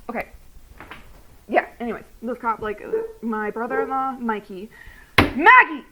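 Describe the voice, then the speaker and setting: Young woman ranting on her vlog, gets loud and heated, lots of "like"s, swears a bunch. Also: on the high side, normal speed, noisy background. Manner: animated, heated, swears, many "like" fillers. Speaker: vlogger. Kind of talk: casual storytelling vlog. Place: home, dog barking nearby.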